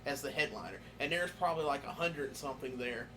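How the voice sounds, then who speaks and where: A man on a podcast who gets loud and excited telling concert stories. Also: mid-range voice, fast talker, background noise. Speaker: podcast host. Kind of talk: casual podcast chat.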